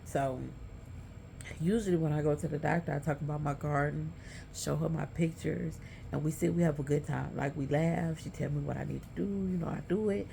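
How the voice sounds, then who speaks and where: A middle-aged woman tells her own story to her viewers with candid emotion. Her voice sits low, with a gravelly edge. Faint background noise runs under the recording. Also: fairly even intonation, fairly quick, warm tone. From Texas. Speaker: vlogger. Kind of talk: personal storytelling.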